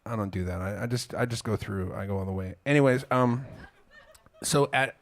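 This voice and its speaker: A man with a lowish voice and moderate pace, a singer-songwriter, offers rambling stage banter to a live club audience between songs. His story wanders, mocks himself, and includes casual swearing.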